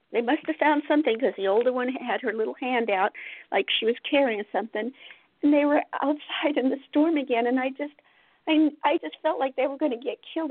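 A woman's voice: sits high, no echo. A woman, an author being interviewed, telling a personal story in an earnest, heartfelt way. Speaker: guest author. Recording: tinny phone-like line.

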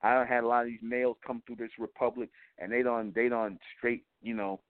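A man's voice: mid-range voice, level tone, a little fast, hardly any pauses. A man with a mid-range voice lectures his radio audience in a blunt, profane, sermon-like monologue. He circles back on his points and keeps checking in with his listeners. The sound is thin and tinny, as if it came down a phone line, and it is dry, with no room echo. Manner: preachy and repetitive, keeps asking "you see?". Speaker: internet radio talk show host.

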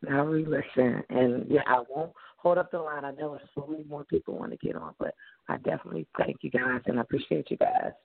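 A man's voice: fairly high pitch, expressive, brisk, vocal fry. A man calling into a show, thanking the hosts as he wraps up. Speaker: caller. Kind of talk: call-in conversation. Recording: phone-like audio.

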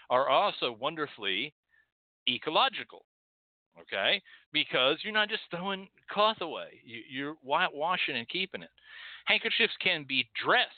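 A man hosting a casual livestream talk, emphatic and animated, with frequent "okay?" asides. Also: fairly high pitch, dry recording. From Texas. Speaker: host. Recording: tinny phone-like line.

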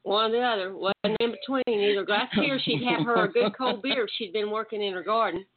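A woman guest speaking with a Southern drawl, telling stories in a relaxed, chatty way. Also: mid-range voice, fast, crowd noise. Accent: picked-up Southern drawl. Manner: relaxed storyteller. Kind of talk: casual chat. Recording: tinny phone-like line.

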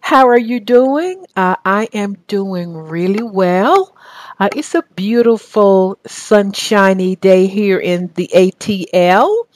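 A woman's voice: mid-range voice, takes it slowly, no echo. A woman with a Southern US accent hosting a radio talk show, speaking with enthusiastic, faith-filled conviction.

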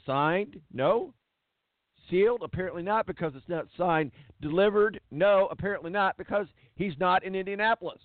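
A man's voice: high voice, moderate pace, no echo. A man hosting a sports talk show, ranting bluntly and hammering words for emphasis. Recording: tinny phone-like dry sound.

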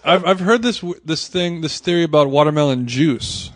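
A man's voice: a little high, moderate pace, no room sound. Laid-back man telling rambling stories. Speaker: podcast co-host. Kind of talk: casual chat.

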